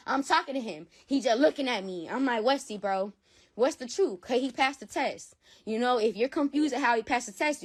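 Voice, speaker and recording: A woman's voice: fairly high pitch, a bit bright. A woman guest retelling a personal dispute bluntly, swearing freely and repeating herself. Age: adult with a school-age son. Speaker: interview guest.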